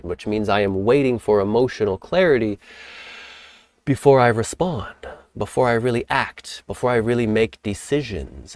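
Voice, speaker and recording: A man hosting a spiritual teaching talk, speaking in a calm, reflective way and sometimes acting out playful examples. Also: fairly low pitch, no room sound, studio quality. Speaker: host.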